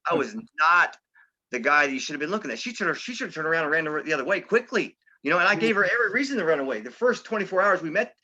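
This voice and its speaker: A man's voice: on the high side, lively intonation, rapid-fire, bright, forceful tone. A middle-aged man giving an interview about his past, talking casually with lots of "you know" and "okay?" and some street slang. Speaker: interview guest. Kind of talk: candid recovery story. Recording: slightly dull, lo-fi audio.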